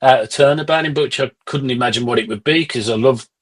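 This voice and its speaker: A man's voice: medium pitch, fast. A middle-aged man, a musician guest on a podcast, telling rambling anecdotes in casual conversation with frequent restarts.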